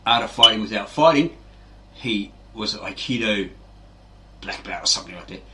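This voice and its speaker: Low-ish and animated, his voice is bright and forceful at a normal speed, with slight background noise. This fitness channel host rambles casually, tags his lines with "right?", and acts out the quotes.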